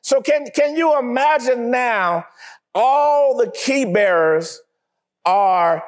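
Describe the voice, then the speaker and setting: A man preaching a sermon, acting out little scenes with laughter and sudden shouts. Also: extremely high pitch. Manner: animated, acts out scenes, laughs often. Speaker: pastor.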